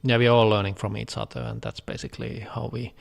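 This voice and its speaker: Gravelly low-voiced man, reverberant. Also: sing-song. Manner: thoughtful, measured with fillers. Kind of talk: casual chat.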